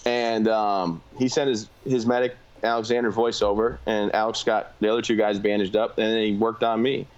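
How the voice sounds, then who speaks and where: A man's voice: fairly low pitch, flat delivery, lo-fi sound. A man, a combat veteran guest, telling his story candidly in a plain-spoken way. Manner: fast, plain-spoken, filler-heavy.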